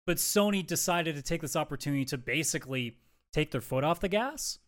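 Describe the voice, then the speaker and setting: A man's voice: fairly high pitch, expressive, fairly quick, a bit bright. Rambling male podcast co-host. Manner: rambling, many fillers and asides. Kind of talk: casual chat.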